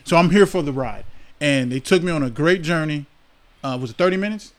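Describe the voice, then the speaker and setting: A man's voice: on the high side, brisk. A man chatting as a guest on a casual podcast, laid-back and repeating himself as he builds a point. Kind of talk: casual chat reviewing a TV show.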